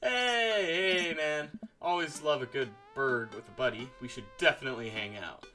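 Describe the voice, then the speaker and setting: A man's voice: mid-range voice, moderate pace, bright, forceful tone, soft background music, pitched above the performer's own voice, close to an everyday voice. A man voicing a cheerful, laid-back fishing dad in a game, upbeat and chummy.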